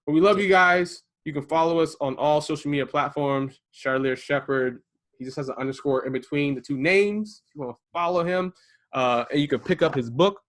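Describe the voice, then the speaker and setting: A man co-hosting a casual podcast from his garage, telling stories with animated delivery and acting out the voices of people he quotes. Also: a little high, a little fast. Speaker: podcast co-host. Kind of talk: casual conversation. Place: home garage.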